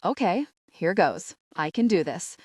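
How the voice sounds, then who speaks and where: A woman's voice: on the low side, big pitch swings, measured pace, husky, no room sound, clean studio sound, exaggerated voice. A woman reading an audiobook, voicing a nervous young groom who answers sheepishly and evasively. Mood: flustered.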